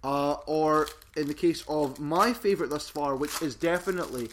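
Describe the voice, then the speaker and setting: Male podcast co-host, slightly raised pitch, casual and playful. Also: normal speed, slight background noise. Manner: chatty, reads card text aloud with playful emphasis. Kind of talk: casual chat.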